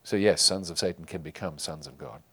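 A man preaching a sermon to his congregation, emphatic, rising loud and falling quiet. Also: sits low, fairly quick, slightly rough. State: tearful while reading scripture. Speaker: pastor.

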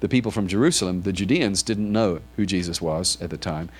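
A man's voice: sits low, fairly quick. A man preaching to his congregation in church, reading scripture aloud and then asking it probing questions. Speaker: pastor. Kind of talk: sermon.

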